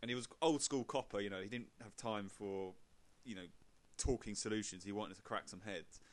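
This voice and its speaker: A man's voice: fairly low pitch, normal speed. A man, a podcast co-host, telling rambling anecdotes full of fillers in casual chat.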